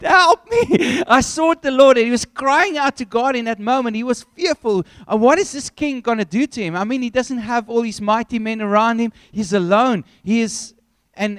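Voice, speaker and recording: A man preaching a sermon, telling a story with animated, acted-out scenes. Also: very high-pitched, clear, resonant tone, dry recording.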